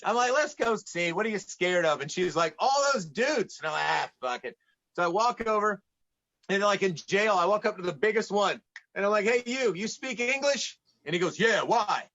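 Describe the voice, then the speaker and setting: A high, bright man's voice from Atlanta, spinning casual stories as a podcast guest. He acts out the people in his tales as he goes. The audio is a little dull and muffled. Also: brisk. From United States, Atlanta. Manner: lively anecdotes, acts out quoted dialogue. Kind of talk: casual storytelling in conversation.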